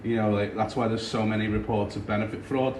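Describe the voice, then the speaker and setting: A young man from Liverpool with a Scouse accent, doing a dry, deadpan stand-up set in a small comedy club. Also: lowish voice, fast talker. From Liverpool, England. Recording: roomy far-off club recording with crowd noise.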